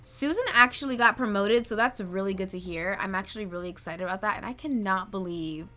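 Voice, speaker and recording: A young woman narrating her life-sim game let's play in an excitable, dramatic way, full of gasps and exclamations. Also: mid-range voice, a little fast.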